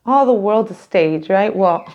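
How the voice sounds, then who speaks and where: A woman's voice: mid-range voice, expressive, slow pace, dull audio. A woman doing a casual, emotional tarot reading to camera, rambling and laughing often, near tears. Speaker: tarot reader.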